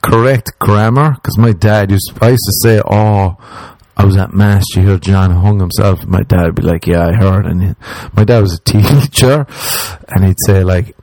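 A man's voice: moderate pace, darkish tone, low-quality recording. A young man with an Irish accent, telling personal stories in casual talk, self-mocking and swearing freely. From Ireland. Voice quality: laid-back, self-mocking, swears freely, quotes himself in a low mutter. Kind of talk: casual storytelling monologue.

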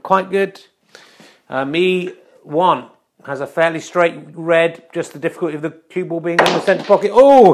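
A man with a fairly high voice delivers tongue-in-cheek snooker commentary. He keeps a mock-serious broadcaster's tone while slipping in dry, wry asides. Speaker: comic mock sports commentator.

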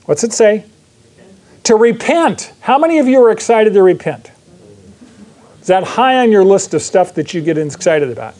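High-voiced man teaching a Bible class. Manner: lively, asks the class questions and acts out quick asides. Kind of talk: Bible study sermon.

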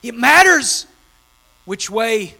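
A man's voice: very high-pitched, sing-song, takes it slowly, vocal fry, sharp tone, breathy edge. A man preaching an impassioned sermon, driving home key phrases by repeating them. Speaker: pastor.

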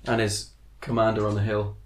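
A man co-hosting a podcast, telling jokes in an animated way and laughing at his own punchlines. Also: fairly low pitch, brisk, roomy sound. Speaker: podcast co-host. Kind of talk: casual chat, telling jokes.

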